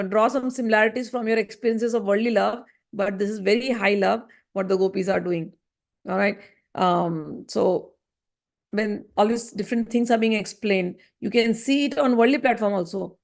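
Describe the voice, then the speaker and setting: A woman, teaching a devotional class in a storytelling way and often checking in with her listeners. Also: mid-range voice. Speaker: spiritual teacher.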